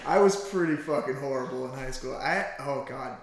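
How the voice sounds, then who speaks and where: A man's voice: mid-range voice, moderate pace, slight background noise. A young man co-hosting a podcast, trading crude, self-mocking jokes in casual chat and laughing often. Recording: very echoey room.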